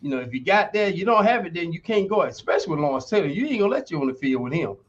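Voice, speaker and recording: Speaking very fast in a sing-song, slightly high voice, a sixty-something ex-football player and university sports instructor spins emphatic stories on a podcast, voicing others' quoted lines. The sound is muffled and lo-fi, like a streamed call.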